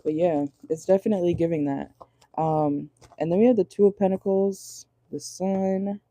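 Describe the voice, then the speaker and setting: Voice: medium pitch, fairly even intonation, normal speed, warm tone, no room sound. A chatty tarot reader giving a casual, blunt reading from inside a car, swearing freely and laughing often.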